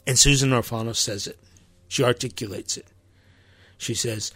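A man delivering an impassioned sermon with a gravelly, somewhat husky voice. He presses his points with sharp emphasis. The sound is close and dry. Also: lowish voice, steady tone, normal speed, no room sound, faint music behind. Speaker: preacher.

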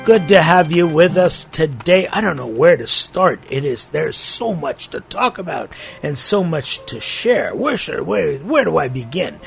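Lively gravelly priest hosting a podcast. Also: male voice, a little high, a little slow, soft background music. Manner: playful, tongue-in-cheek, teasing. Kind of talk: conversational spiritual podcast talk.

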